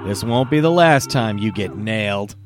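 A man's voice: lowish voice, lively intonation, normal speed, music in the background, close to an everyday voice. A man voicing a pleading, scheming male carpenter in a wheedling tone.

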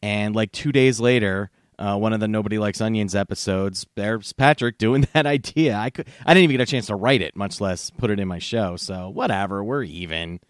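A man hosting a comedy podcast, animated and laughing, with casual swearing. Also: lowish voice, a little fast, few pauses, clear, resonant tone, no room sound, studio quality. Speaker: podcast host.

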